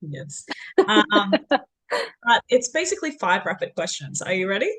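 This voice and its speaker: A woman of middle pitch hosts a casual author interview over a video call. She talks with bubbly enthusiasm and gushes over her guest's answers. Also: big pitch swings, a bit bright. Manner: enthusiastic, gushing, rapid questions. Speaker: interview host.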